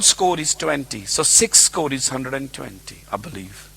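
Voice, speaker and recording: A man preaching a sermon in a church, retelling scripture in his own words and swinging between loud exclamations and quiet asides. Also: medium pitch, animated, normal speed, vocal fry, hardly any pauses, husky.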